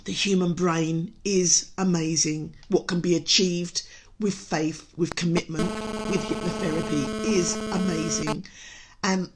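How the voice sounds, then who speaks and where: A woman's voice: fairly low pitch, steady tone, a little slow, heavy background noise. Lady hypnotherapist, choked up and teary, earnest motivational talk, trips over her words. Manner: earnest, stumbling restarts. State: emotional, near tears. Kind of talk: heartfelt motivational broadcast.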